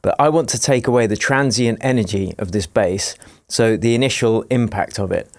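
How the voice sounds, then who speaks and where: A man teaching music production in a screen-recorded tutorial, explaining each step in a relaxed, jokey way. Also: on the low side, normal speed, dry recording. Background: faint dance music playing from his project.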